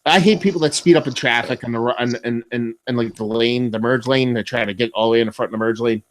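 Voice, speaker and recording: A young man co-hosting a beer podcast, telling stories in a rambling, profane, animated way. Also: mid-range voice, quick pace. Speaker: podcast co-host. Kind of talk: casual chat.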